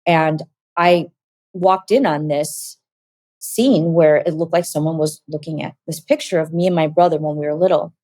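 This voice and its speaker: A woman telling a personal story as an interview guest, animated and acting out quoted dialogue. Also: low voice, moderate pace, no echo.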